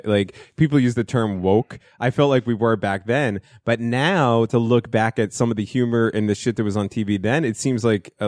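A man's voice: fairly low pitch, darkish tone, no echo, clean studio sound. A man in his thirties, stoned, telling a rambling self-deprecating story in casual podcast chat. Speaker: podcast co-host.

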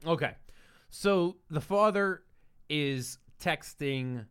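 A young man co-hosting a podcast, telling a story with lively, animated delivery and reading text messages aloud. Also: fairly high pitch, takes it slowly, clean tone, no echo, clean studio sound. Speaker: podcast co-host. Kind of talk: casual podcast banter.

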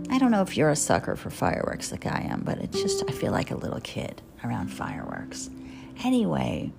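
Guitar music accompanies a fiftysomething New Jersey woman hosting her podcast. Her lowish, gravelly voice carries a candid, chatty personal monologue full of self-deprecation.

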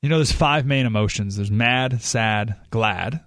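A man hosting a talk radio show, speaking casually but emphatically. He slows right down to stress his points and breaks into animated outbursts. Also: medium pitch, no echo, clean studio sound. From San Diego area. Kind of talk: conversational talk radio monologue. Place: radio studio. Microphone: studio microphone.

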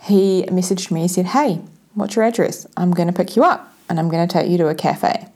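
A young adult woman casually telling a self-mocking personal story to her viewers, animated and laughing often. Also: fairly low pitch, fairly quick.

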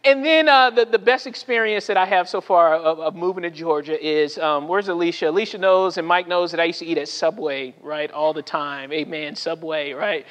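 A man in his forties from Southern California preaches a sermon in a fairly high voice. He works through personal stories, keeps checking in with "right?" and acts out each person he quotes. The sound carries a long reverb from a large church hall. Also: moderate pace, hardly any pauses, a bit bright. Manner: storytelling with frequent "right?" asides and acted-out quotes. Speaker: pastor. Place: church sanctuary.

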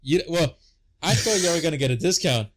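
A man's voice: fairly high pitch, expressive, fairly quick, background noise. A young man co-hosting a podcast, chatting in a laid-back, slangy way among friends. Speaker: podcast co-host. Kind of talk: casual podcast chat.

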